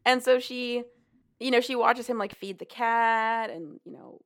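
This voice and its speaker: Animated woman retelling a story. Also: fairly high pitch, a little slow. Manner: animated, profane, laughs often while retelling. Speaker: podcast co-host recapping a story. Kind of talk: casual chat.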